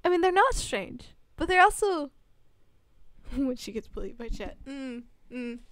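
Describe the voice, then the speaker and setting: A woman's voice: sits high, very animated, measured pace, no echo, clean studio sound. A young woman with a Southern American accent chatting casually with her live chat as a streamer, laughing often. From Southern United States. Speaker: livestreamer.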